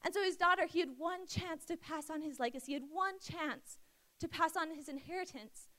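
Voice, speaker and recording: A woman's voice: very high-pitched, a little fast. A young woman preaching a sermon in a conversational way, reading scripture and acting out the people in the story. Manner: conversational, acts out quotes with lively asides. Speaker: youth speaker.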